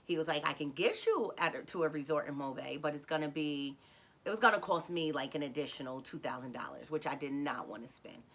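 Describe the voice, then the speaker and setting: Bright-voiced woman telling a story. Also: a little fast. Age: adult with a son. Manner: animated, acts out dialogue with sudden high excited bursts; frequent fillers and self-corrections. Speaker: vlogger telling a personal story. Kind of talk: casual storytelling.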